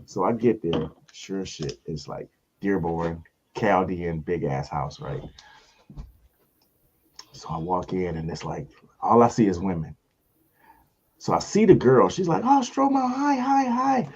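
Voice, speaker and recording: A comedian and host from the tells a story in casual chat, acting out the people in it. His voice is husky and swings widely in pitch. The recording sounds muffled and lo-fi. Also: unhurried, long pauses. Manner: animated storyteller, acts out voices in high pitch.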